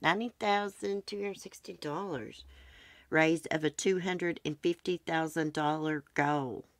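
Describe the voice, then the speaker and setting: Brief: middle-aged woman, low voice, chatty storyteller hosting her own channel. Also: fairly even intonation, unhurried, no room sound. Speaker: channel host. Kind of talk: casual chat.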